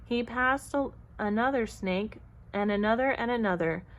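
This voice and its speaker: A woman reading a children's picture book aloud in an expressive, even-paced narration. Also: a little high, moderate pace, lo-fi sound. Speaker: storyteller. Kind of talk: storybook read-aloud.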